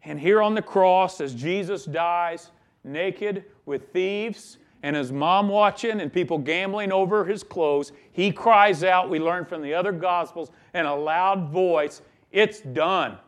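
A man's voice: high-pitched, a little slow. A man preaching a sermon, emphatic, with his voice rising and dropping in volume. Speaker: pastor.

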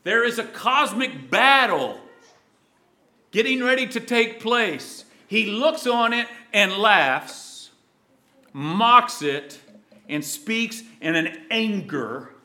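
A man preaching a sermon, dramatic, moving from loud emphasis to hushed, low lines. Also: lively intonation, slow.

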